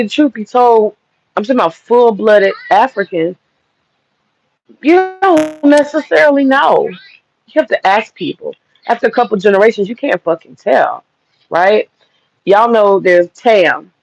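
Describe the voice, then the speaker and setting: A woman hosting a live stream, ranting bluntly and with lots of swearing while lying down, her voice sounding deep. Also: gravelly, lo-fi sound. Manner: blunt, profane, rambling. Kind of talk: casual live-stream rant. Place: lying down at home.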